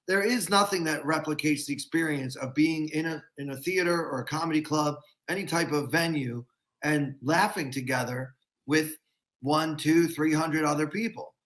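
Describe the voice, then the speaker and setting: A man who is a comedian guest on a podcast, explaining his views in a thoughtful, measured way. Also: on the high side, fairly bright tone. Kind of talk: casual podcast chat.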